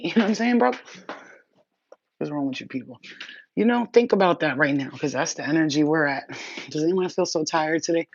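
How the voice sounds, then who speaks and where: A woman's voice: deep voice, a little fast, pauses often. A woman doing a spiritual reading, talking in a casual livestream chat that is blunt, profane and rambling. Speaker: spiritual reader. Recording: dull lo-fi, dry.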